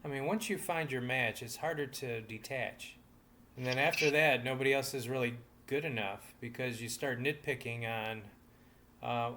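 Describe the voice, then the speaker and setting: Podcast guy, gruff and frank, mid pitch, noisy recording. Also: moderate pace, bright, forceful tone. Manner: frank, gruff advice-giving. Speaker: podcast co-host. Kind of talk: casual chat.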